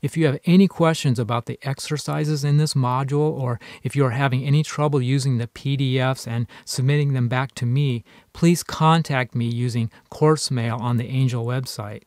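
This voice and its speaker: A college writing instructor, a man, talks through a recorded online lesson at a measured, even pitch. He reads each example sentence slowly and deliberately. The recording is dry and close, with no room sound. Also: dry recording.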